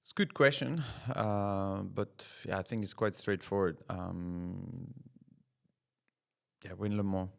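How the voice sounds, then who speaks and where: A man's voice: deep voice, fairly even intonation, slow, gravelly. A middle-aged man, a racing driver guest, chatting casually on a podcast, with lots of hesitant fillers and easy laughs. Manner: hesitant, many fillers, laughs through anecdotes.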